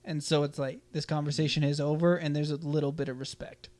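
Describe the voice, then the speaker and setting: A man's voice: on the high side, fast. A young man hosting a podcast, telling a school story in casual chat, swearing freely and acting out the quotes. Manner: animated, profane, acts out quotes loudly. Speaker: podcast host.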